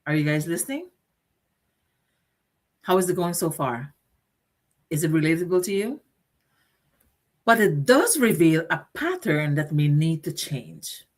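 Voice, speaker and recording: A woman's voice: low voice, expressive, measured pace, long pauses. A middle-aged woman hosting a motivational talk show, speaking earnestly and directly to her listeners and repeating phrases for emphasis. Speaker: host.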